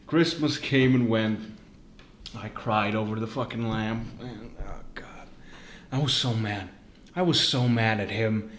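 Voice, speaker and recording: A man's voice: on the low side, unhurried, fairly bright tone, slight background noise. A young man from Serbia hosting a casual solo podcast, telling rambling stories full of swearing and self-mocking jokes. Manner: profane, rambling, self-mocking, laughs at his own jokes. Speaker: podcast host.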